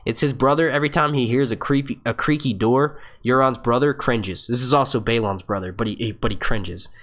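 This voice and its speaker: A man hosting a casual live review stream, excitable and profane, rambling and restarting his sentences as he talks into his webcam. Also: medium pitch, fairly quick. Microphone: webcam setup.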